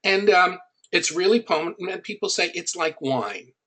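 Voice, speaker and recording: A man's voice: sits high, expressive, normal speed, bright, forceful tone. A middle-aged man coaching an audience on building an online business. He teaches through personal stories and speaks in a conversational, anecdotal way, hitting his key points with emphasis.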